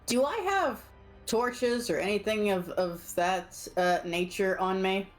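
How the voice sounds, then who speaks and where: A woman playing in a tabletop game over a voice call, relaxed and joking while she plans her turn. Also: mid-range voice, slow, soft background music. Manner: relaxed, joking, thinks aloud with fillers. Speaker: player.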